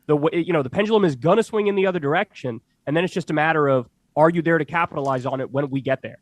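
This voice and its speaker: A man's voice: fairly high pitch, rapid-fire, dry recording. Urgent, emphatic male commentator. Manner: urgent and emphatic, with repeated phrases. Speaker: commentator in a played clip. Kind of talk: opinion commentary.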